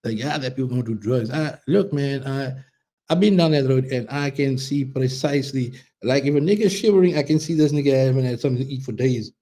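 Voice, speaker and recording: A man's voice: mid-range voice, a little fast, dark tone. A man, talking in a rambling, profane casual monologue full of restarts. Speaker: vlogger.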